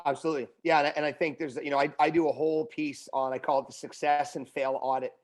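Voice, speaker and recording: Male motivational speaker as a guest, animated delivery, a little high-pitched. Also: fast talker. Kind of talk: conversational interview.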